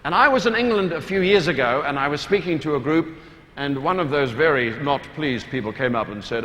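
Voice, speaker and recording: A man with a New Zealand accent giving a humorous talk to a large hall audience, animated and playful, with loud acted-out quotes. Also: a little high, brisk. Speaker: motivational speaker. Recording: reverberant hall, faint room noise.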